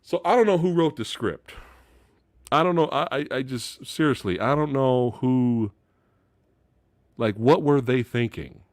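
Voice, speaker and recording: A man's voice: medium pitch, animated, unhurried, pauses often, no room sound, clean studio sound. A man hosting a casual live-stream movie talk, exasperated and profane, laughing as he goes. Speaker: movie channel host.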